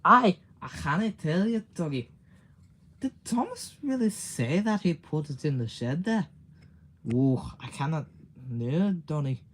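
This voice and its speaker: A man on a livestream voicing a gruff male tank engine who teases in a loud, bantering way. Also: a little high, expressive, measured pace, slight background noise. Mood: teasing.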